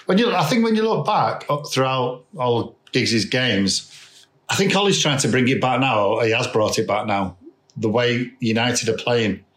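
A man's voice: mid-range voice, expressive, moderate pace, a bit bright. A man chatting enthusiastically about football on a podcast, often restarting and repeating his words. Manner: enthusiastic, repetitive, trailing restarts. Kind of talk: casual football chat. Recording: roomy echo.

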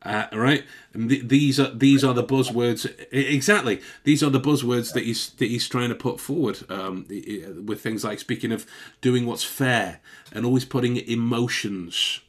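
A man's voice: medium pitch, moderate pace, hardly any pauses. A man chatting casually, with a loose and profane delivery and frequent laughs. He explains body language to a co-host in an unscripted, conversational way. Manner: chatty, swears, laughs often. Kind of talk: casual chat.

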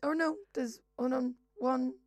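Woman, podcast co-host, hoarse and hungover, animated; slightly higher pitch, dry mic. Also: a little slow, no echo. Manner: animated, self-deprecating, jumps between whispering and loud exclamations. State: hoarse from karaoke screaming. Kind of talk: casual chat.

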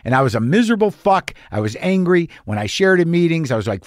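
A man's voice: a little high, big pitch swings, quick pace, few pauses, dry recording, clean studio sound. A middle-aged man hosting a podcast, telling a candid personal story in a blunt, profane and wry way. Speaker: podcast host.

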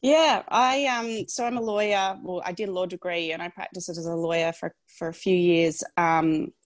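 An Australian woman in her thirties talks reflectively as a podcast guest, her voice sitting a bit low. The sound is dry and close, recorded remotely online. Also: fairly even intonation, moderate pace, dry recording. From Tasmania, Australia. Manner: reflective, thoughtful storytelling. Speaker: guest, lawyer. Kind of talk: casual podcast interview.

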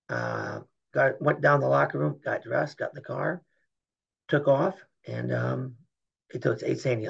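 A middle-aged man with a gravelly, husky voice, pitched a bit high, tells stories in a candid interview. He rambles and stresses his points, acting out the conversations he recalls. The audio sounds muffled and lo-fi. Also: sing-song, normal speed. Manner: rambling, emphatic, acts out dialogue. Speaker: guest, former Olympic wrestler.

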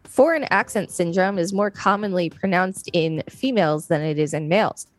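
A woman co-hosting a podcast, reading her part of a scripted explainer in a measured way. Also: fairly low pitch, no room sound. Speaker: podcast co-host.

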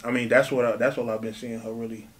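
A man hosting a podcast, asking questions in a halting way with fillers like "like" and "um.". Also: mid-range voice, level tone. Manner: hesitant, filler-heavy questions. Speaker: podcast host. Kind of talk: interview questions.

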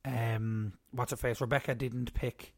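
A man's voice: medium pitch, flat delivery, unhurried, dry recording, studio quality. A young man co-hosting a podcast, chatting casually and teasing his co-host. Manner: joking, teasing. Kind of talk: casual chat.

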